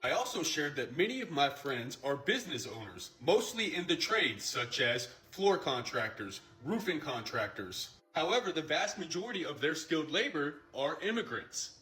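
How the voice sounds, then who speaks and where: Bright-voiced man in a roomy echo. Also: on the high side, big pitch swings, moderate pace, few pauses. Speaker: commentator presenting a segment. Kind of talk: scripted commentary.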